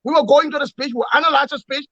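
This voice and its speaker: High-pitched emphatic man, lo-fi. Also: very fast, bright, forceful tone, dry recording. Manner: emphatic, repetitive, lecturing. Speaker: opposition commentator. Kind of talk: political analysis in an interview.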